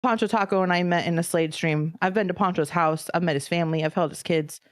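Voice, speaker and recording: A woman's voice: fairly low pitch, fast talker, no echo. Heartfelt woman podcast co-host, dry sound. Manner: heartfelt, close to tears. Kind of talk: casual podcast chat.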